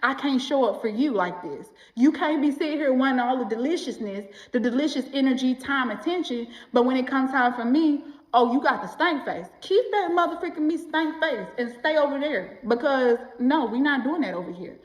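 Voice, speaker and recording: Woman vlogger, fairly high voice, lively slangy motivational talk, roomy echo. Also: brisk, hardly any pauses. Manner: animated and slangy, acts out quoted voices. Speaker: self-help vlogger. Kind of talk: casual motivational talk to camera.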